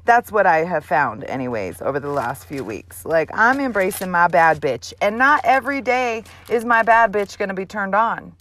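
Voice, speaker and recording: A woman's voice: mid-range voice, expressive, normal speed, few pauses, a bit bright. A mother hosting her own show, delivering a blunt, profane, emphatic motivational monologue. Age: adult mother. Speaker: host.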